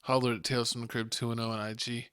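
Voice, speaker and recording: A man's voice: medium pitch, little pitch movement, very fast, fairly bright tone, clear, resonant tone, dry recording, studio quality. A man co-hosting a casual podcast, teasing his co-host and laughing often.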